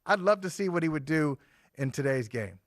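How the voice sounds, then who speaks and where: Fairly high-voiced man co-hosting sports talk. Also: lively intonation, fairly quick, no echo, clean studio sound. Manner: conversational, restarts with fillers. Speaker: sports talk show co-host.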